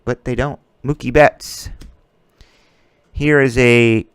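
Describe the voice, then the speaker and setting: A man with a smooth, clear voice runs casual commentary as he opens packs of cards, calling out names and cracking jokes as he goes. The sound is close and dry, with almost no room around it. His pitch sits right in the middle for a man. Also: steady tone, takes it slowly, no echo. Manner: chatty and joking, calls out player names as cards come up. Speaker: host of a card-breaking stream. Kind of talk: casual running commentary while opening card packs.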